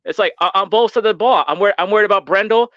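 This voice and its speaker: A man calling in to a sports show, excited and stammering as he talks about his team. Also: high voice, racing, no room sound. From San Francisco Bay Area. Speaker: caller. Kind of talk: casual sports talk. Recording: dull lo-fi call line.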